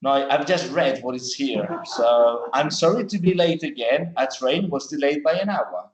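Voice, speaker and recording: A man's voice: mid-range voice, expressive, roomy sound, a little hiss or hum, rough recording. A man teaching English grammar in a classroom, correcting sentences patiently with examples. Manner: patient, explains slowly with examples.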